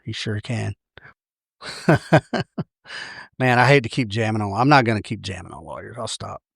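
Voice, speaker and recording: A man's voice: mid-range voice, no room sound. Man, Southern accent, podcast host, casual monologue, self-correcting, wry, dry close sound.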